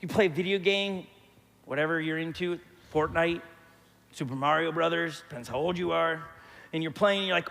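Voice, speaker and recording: A middle-aged male pastor preaching a lively sermon, acting out quotes as he tells stories. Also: fairly high pitch, moderate pace, gravelly. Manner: animated storyteller, acts out quotes. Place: church hall. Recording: long church hall reverb.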